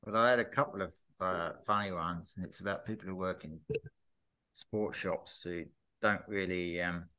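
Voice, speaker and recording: A man co-hosting a podcast, telling a lively story in casual chat. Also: moderate pace, clear, resonant tone. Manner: animated storyteller, mimics shop staff with raised pitch. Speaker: podcast co-host.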